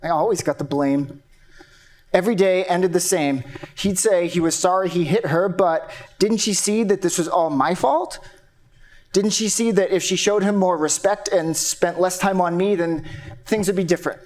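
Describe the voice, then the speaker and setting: A flat, guarded young man answers questions in a matter-of-fact way, as an actor plays him. His voice sits a touch high for a man, and he gives little away. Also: moderate pace, close to an everyday voice. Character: young man James questioned after killing his abusive father. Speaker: accused son. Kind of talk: stage play acting.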